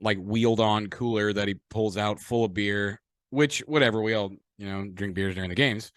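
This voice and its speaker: A man with a fairly low voice recorded close and dry, with no room sound at all. He co-hosts a casual podcast and tells stories in a loose, profane style, putting on the voices of the people in them. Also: normal speed, smooth, no room sound. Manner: profane animated storytelling with acted-out quotes. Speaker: podcast co-host. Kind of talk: casual chat.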